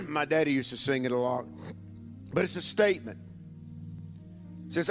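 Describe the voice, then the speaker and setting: A man preaching as a bishop, with emphatic call-and-response phrasing and drawn-out lines. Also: on the high side, long reverb tail, soft background music. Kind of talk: sermon. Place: church sanctuary with congregation.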